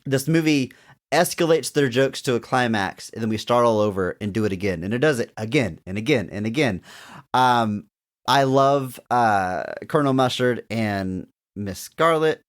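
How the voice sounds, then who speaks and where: A man's voice: medium pitch, lively intonation, normal speed. A man hosting a podcast, enthusiastically recounting scenes and acting out quotes. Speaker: podcast host. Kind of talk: casual podcast chat.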